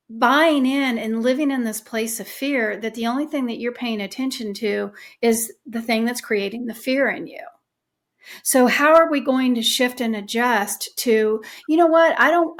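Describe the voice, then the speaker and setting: Gravelly, higher-voiced woman hosting a podcast. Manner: earnest, emphatic, rambling with repetitions. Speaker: podcast host. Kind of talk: casual conversational interview.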